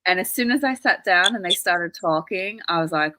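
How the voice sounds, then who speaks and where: A woman's voice: on the low side, expressive, moderate pace, bright, forceful tone, low-quality recording. A woman from Australia hosting a casual live stream, chatty and full of rambling anecdotes. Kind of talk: casual chat.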